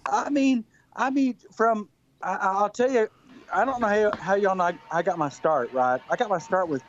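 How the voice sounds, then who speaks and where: A man's voice: sits high, moderate pace, slight background noise. A man from West Texas, a country singer-songwriter, telling stories as a guest in a rambling, laughing way that repeats words. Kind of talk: casual storytelling. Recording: dull lo-fi sound.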